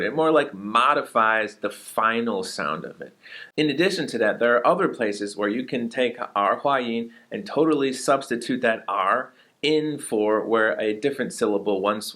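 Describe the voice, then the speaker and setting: Lower-voiced man teaching Mandarin words. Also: fairly bright tone. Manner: explains steadily, models Mandarin words with slow repeated examples. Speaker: Chinese teacher. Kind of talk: casual video lesson.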